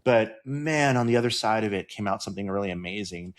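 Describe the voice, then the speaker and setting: A man's voice: fairly low pitch, expressive, fast. A man co-hosting a podcast, speaking in a thoughtful, reflective way with frequent fillers. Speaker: podcast co-host. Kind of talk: casual conversation.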